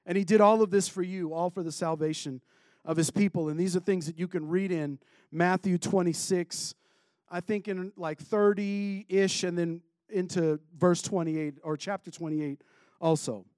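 A man's voice: sits high, steady tone, normal speed, a little mellow, smooth, dry recording. A man preaching a sermon in a casual way, with joking asides.

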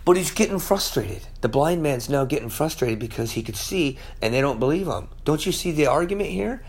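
Male podcast preacher, high voice, emphatic, halting restarts, verse-by-verse teaching. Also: expressive, slightly rough. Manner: emphatic, repeats words, many restarts.

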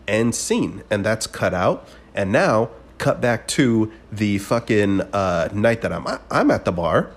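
A man hosting a podcast, telling a rambling, profane story in a casual solo monologue with sudden bursts of excitement. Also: fairly low pitch, moderate pace, hardly any pauses. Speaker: podcast host.

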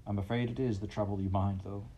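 A man's voice: on the low side, steady tone, fast, mellow, slight background noise, natural voice. A man voicing a sulking male toad who murmurs weakly and languidly, full of self-pity. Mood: feeble self-pity.

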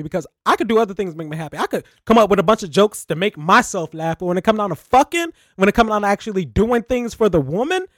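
A man's voice: sits high, no room sound. A young man holds forth on a podcast in loose, explicit banter. His voice swings widely up and down, and he circles back to the same phrases again and again. The sound is dry and close. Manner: animated, repeats phrases, laughs a lot. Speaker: podcast co-host.

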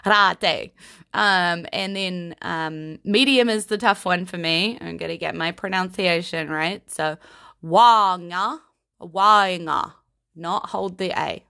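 Slow, giggly woman with a creaky voice. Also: fairly low pitch, bright, forceful tone, no echo, clean studio sound. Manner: playful, giggly, unhurried. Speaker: language teacher. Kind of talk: casual vocabulary lesson.

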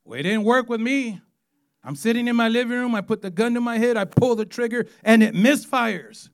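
A man in his forties, an evangelist telling his testimony in a sermon, animated and acting out quotes. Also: extremely high pitch, brisk. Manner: animated storytelling, acts out quotes.

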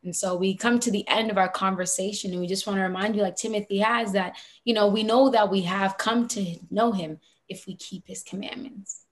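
A woman's voice: mid-range voice, steady tone, fairly quick, few pauses. A woman hosting a faith podcast, speaking in an encouraging, preacherly way. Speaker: podcast host.

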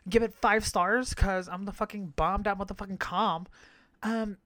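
A man's voice: high-pitched, a bit bright, clear, resonant tone, dry recording. A man hosting a casual podcast recap, brash and profane, laughing at his own jokes and stretching out names with theatrical emphasis. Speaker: podcast host.

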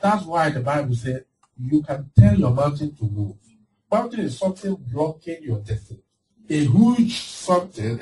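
A man preaching a lively sermon as pastor, laughing often and acting out voices of the people he describes. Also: on the high side. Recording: distant mic with faint background noise.

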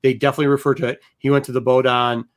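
A man's voice: mid-range voice, very fast. Emphatic podcast host man. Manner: animated, emphatic storyteller. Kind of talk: casual book review chat.

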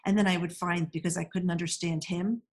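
Chatty woman with a lowish voice. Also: steady tone, a little fast. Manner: chatty storyteller, warm laughs, many restarts. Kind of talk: casual chat.

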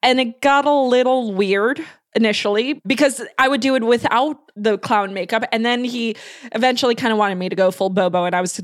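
A woman's voice: a little high, a little fast. Giggly woman in her thirties. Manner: playful, giggly questioner. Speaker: podcast co-host. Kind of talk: casual chat.

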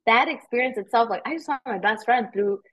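A woman realtor chatting in a casual interview, telling animated stories and swearing casually. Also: on the high side, a little fast, poor audio. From United States. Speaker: realtor guest.

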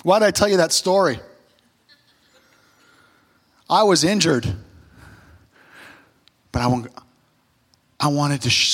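Man, pastor, sermon, high voice, storytelling, emphatic. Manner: storytelling, rising to loud emphatic exhortation.

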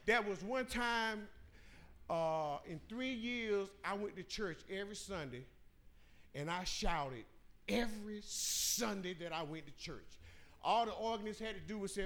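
A man standing up in a church service to give his testimony, speaking emphatically and building toward shouting. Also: high-pitched, lively intonation, a little slow. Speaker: church member giving testimony.

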